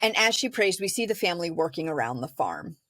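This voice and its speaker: A woman's voice: lowish voice, sing-song, quick pace, a bit bright, dry recording, clean studio sound. Chatty woman recapping a film plot. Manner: recounts the plot step by step, chatty with fillers. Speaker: podcast co-host. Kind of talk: casual movie discussion.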